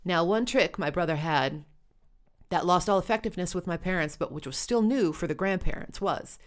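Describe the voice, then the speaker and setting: A woman telling a first-person story with wry, dry humor. Her voice sits low. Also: moderate pace.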